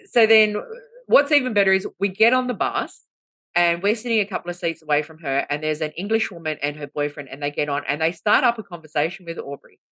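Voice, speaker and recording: Animated woman podcast co-host. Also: on the low side, brisk, no room sound. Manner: animated storytelling with mimicry. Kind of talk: casual chat.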